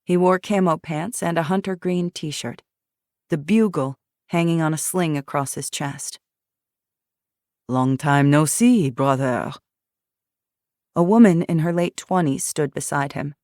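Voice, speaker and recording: Woman narrator, audiobook, low voice, dry close studio sound, steady reading. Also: moderate pace, no room sound. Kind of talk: scripted narration.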